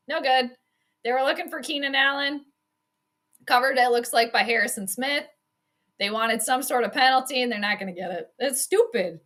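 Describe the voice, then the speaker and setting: A woman hosting casual live play-by-play football commentary, animated and quick to scold and laugh. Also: high voice. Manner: animated, exclaims and scolds the team, laughs often.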